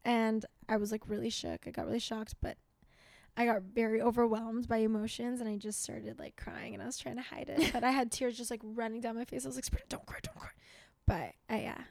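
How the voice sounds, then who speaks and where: Woman podcast co-host, high voice with vocal fry, dry close mic, emotional and chatty. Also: brisk, dry recording. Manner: animated, emotional, laughs often. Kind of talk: casual chat.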